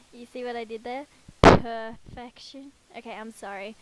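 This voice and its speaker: High-voiced chatty woman gamer. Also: heavy background noise. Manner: chatty, self-deprecating, talks to her game characters. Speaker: let's play gamer. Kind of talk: casual game commentary. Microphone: headset.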